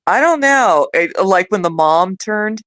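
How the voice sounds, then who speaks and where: A woman's voice: medium pitch, animated, measured pace, fairly bright tone. A woman in a casual group chat, talking hesitantly and trailing off mid-thought. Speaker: panel participant.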